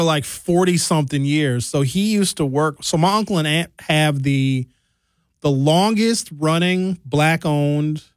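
A man hosting a radio talk show, telling lively stories with impressions. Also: a little high, dry recording, studio quality. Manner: animated storyteller, slips into impressions. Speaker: radio host. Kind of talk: lively casual radio banter.

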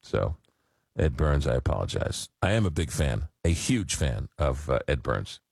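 A radio talk show host, telling a rambling story full of fillers. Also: male voice, very deep voice, big pitch swings, normal speed, gravelly, a little mellow, slightly rough, dry recording. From Long Island, New York. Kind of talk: casual call-in radio chat. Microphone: studio microphone.

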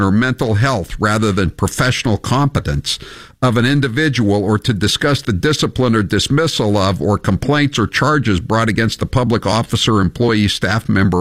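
A man's voice: on the low side, moderate pace, a bit bright, no room sound. A male talk radio host, delivering news with wry, offhand asides. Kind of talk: casual talk radio banter.

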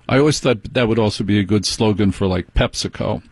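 A man hosting a late-night radio call-in show, talking in a smooth, persuasive, conspiratorial way into a studio microphone. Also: lowish voice, a little fast, hardly any pauses, dry recording.

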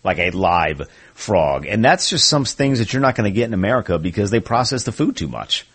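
A man's voice: fairly low pitch, big pitch swings, a little fast, a bit bright, husky. A man co-hosting a talk show, telling a story casually with wry asides. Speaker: co-host. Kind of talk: casual chat.

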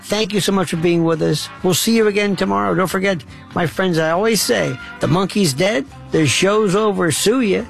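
A man's voice: sits high, moderate pace, gravelly, music in the background. A man hosting a late-night call-in radio show, effusive and theatrical. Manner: theatrical, effusive sign-offs. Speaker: radio talk show host.

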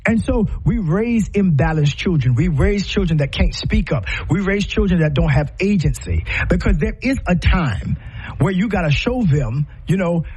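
A man's voice: high-pitched, animated, moderate pace, darkish tone, breathy edge, rough recording. A middle-aged man hosting a talk show, speaking in an impassioned, preacher-like way, full of rhetorical questions that build into fervent emphasis.

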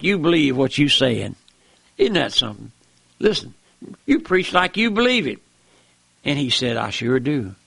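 Gravelly older preacher, fiery. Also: male voice, high-pitched, bright, forceful tone, no room sound. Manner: impassioned, emphatic, repeats phrases and calls out "my friend". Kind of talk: fiery radio-style sermon.

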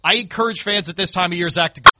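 A man hosting a sports radio show, talking football in a lively, emphatic way from the studio. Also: high-pitched, very fast, heavy background noise. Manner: animated, emphatic. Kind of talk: sports talk banter.

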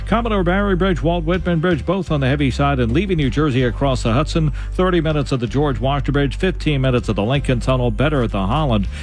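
A man reading a scripted radio traffic report in a brisk, matter-of-fact way. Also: on the high side, faint music behind.

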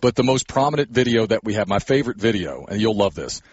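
A man co-hosting a podcast, telling anecdotes in a relaxed, conversational way. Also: lowish voice, fast, husky, no room sound, lo-fi sound. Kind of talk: casual chat.

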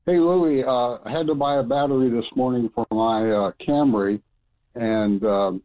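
Male radio caller, mid pitch, hesitant with many uh pauses, phone-line sound. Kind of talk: call-in radio question.

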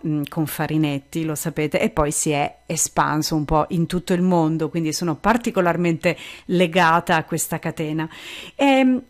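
Upbeat woman hosting a bilingual radio show. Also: lowish voice. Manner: reads event promotions in a lively, upbeat way; switches between Italian and English. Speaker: radio host.

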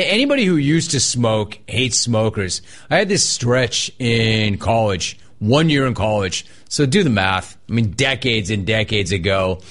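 Animated middle-aged male radio host. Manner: animated, mocks people in a high put-on voice. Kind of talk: casual call-in radio talk.

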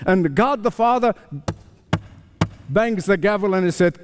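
A man's voice: sits high, unhurried, long pauses, clear, resonant tone, long reverb tail. A man preaching a sermon as pastor, emphatic and prompting his listeners to finish his sentences. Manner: emphatic, asks the congregation to fill in words.

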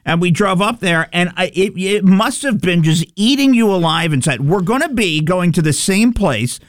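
A man co-hosting a radio show, needling his partner with a lively, bouncing delivery. His voice sits a touch high and is miked close in a dry studio. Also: normal speed, no echo. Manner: teasing, needling his co-host. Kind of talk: casual radio banter.

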